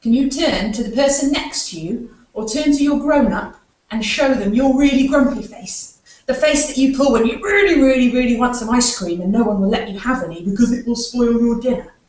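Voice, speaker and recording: Woman, children's storyteller, playful and interactive, slightly high voice, distant and roomy. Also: a little fast, darkish tone. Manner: playful, asks children to join in with actions. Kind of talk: live story time for young children. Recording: echoey room, far from the mic.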